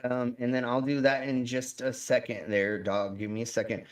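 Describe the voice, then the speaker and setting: A man's voice: mid-range voice, flat delivery, moderate pace, far from the mic. A man hosting a live stream in a loose, joking way, swearing freely. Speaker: stream host. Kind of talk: casual profane chat.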